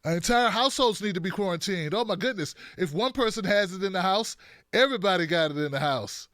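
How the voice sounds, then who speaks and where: A man hosting a political commentary show, talking in a blunt, animated, joking way with frequent restarts. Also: high-pitched, fairly quick, no room sound, studio quality.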